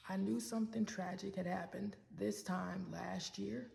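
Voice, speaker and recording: A woman with a strongly gravelly, crackling voice tells a heartfelt personal story to camera. She speaks at an average pitch and keeps addressing her listeners directly as she goes. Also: steady tone, normal speed, a little mellow. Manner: heartfelt, talks straight to viewers as "y'all". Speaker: work supervisor sharing a personal story.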